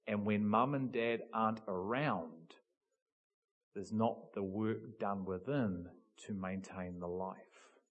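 A man preaching a sermon, telling a story with animated build-ups and emphatic peaks. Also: on the low side, slow pace, narrow, tinny audio. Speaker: pastor.

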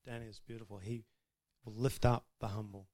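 In a lowish, flat, slightly mellow voice, a man talks fairly quickly through an informal church testimony about his marriage. He's chatty and self-deprecating, laughing often along the way.

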